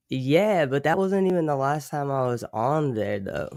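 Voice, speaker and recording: A livestream host with a slightly mellow, mid-range voice chats loosely in slang, swearing, dropping lots of "like" fillers and chuckling between remarks. It's a dry, studio-quality recording.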